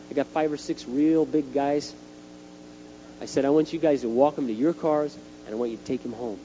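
A middle-aged man preaching a sermon, telling stories in an animated way and acting out the scenes. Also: on the high side. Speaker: youth speaker. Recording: dull lo-fi tape with faint hum.

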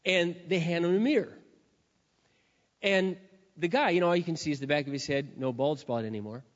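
A man preaching a sermon in a lively storytelling style, retelling a scene with dramatic acted quotes. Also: on the high side, brisk. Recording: dull lo-fi with long hall reverb.

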